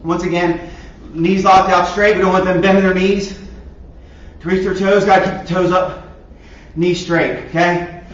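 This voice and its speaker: A fairly high-voiced man coaches a kids' workout class and counts down each set with steady encouragement. He exercises alongside his students as he talks. His voice comes from some way off the mic in a big, echoey room, and the recording sounds dull and lo-fi. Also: normal speed, long pauses, distant mic. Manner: encouraging, counts reps aloud; exercising along while talking. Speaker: martial arts instructor leading a kids' PE class.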